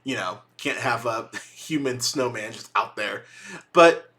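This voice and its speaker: Bright-voiced, swearing man ranting about a movie. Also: medium pitch, measured pace. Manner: profane, rambling, exasperated with frequent restarts. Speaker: movie review podcast host. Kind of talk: casual solo movie review.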